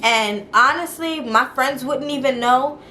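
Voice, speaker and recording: A woman's voice: high voice, a little slow, a little hiss or hum. Young woman telling a storytime. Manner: animated, talks straight to viewers. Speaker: vlogger. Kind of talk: casual storytime.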